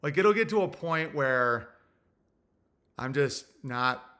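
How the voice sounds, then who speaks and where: A young man hosting a livestream, reading super chats in a crude, rambling, think-out-loud way. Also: mid-range voice, expressive, slow pace. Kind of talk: casual livestream rant.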